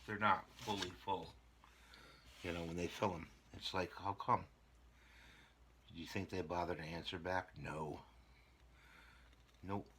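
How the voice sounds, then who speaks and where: A man's voice: low-pitched, steady tone, measured pace, pauses often, pushed and bright, slight background noise. A man hosting a casual hobby repair vlog, rambling and talking to himself as he glues models together. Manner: rambling, talks to himself while gluing. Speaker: channel host repairing models.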